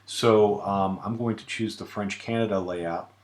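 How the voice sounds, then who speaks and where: A man giving a relaxed screen-recorded software tutorial, with many filler sounds. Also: fairly low pitch, a little slow, reverberant. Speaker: tutorial presenter.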